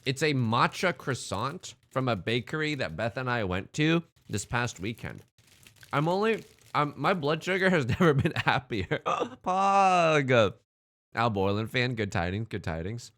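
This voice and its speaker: A man's voice: medium pitch, lively intonation, moderate pace, fairly bright tone. A man chatting casually on a live stream, greeting viewers and talking while he eats. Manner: upbeat, greets chatters, talks while eating.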